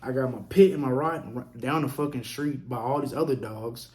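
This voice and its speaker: A man casually telling a story on his vlog, profane and animated, acting out what others said. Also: medium pitch, moderate pace. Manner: profane, animated, acts out quotes. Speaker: vlogger.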